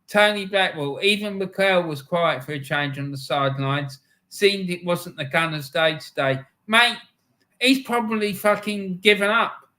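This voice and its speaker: A middle-aged man, hosting a live stream and reading out chat messages in an angry, swearing rant. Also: high voice. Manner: angry ranting with heavy swearing; shouting.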